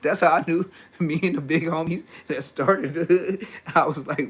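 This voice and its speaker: A man's voice: a little high, fairly quick, breathy edge. A middle-aged man from California telling street stories in a casual vlog, talking in slang and mimicking other men's voices. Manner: animated slangy storytelling, mimics old homies' voices. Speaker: vlogger. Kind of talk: casual storytelling rant.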